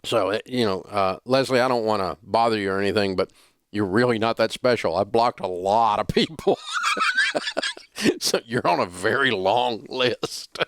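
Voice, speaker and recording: A man's voice: on the low side, moderate pace, clean tone, dry recording. A middle-aged man with a Southern US accent, hosting a radio show in blunt, joking, dismissive banter on a studio microphone. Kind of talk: casual talk radio banter.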